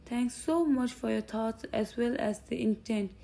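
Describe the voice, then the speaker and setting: A woman's voice: fairly high pitch, a little slow, vocal fry, warm tone. Woman voicing a cheerful teenage son. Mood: warm. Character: easygoing friendly teenage son, eighteen.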